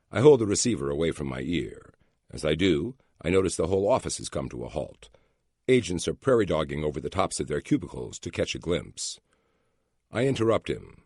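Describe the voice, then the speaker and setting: A man's voice: very deep voice, darkish tone, breathy edge, no echo, studio quality. A man narrating a first-person audiobook in a wry storytelling manner.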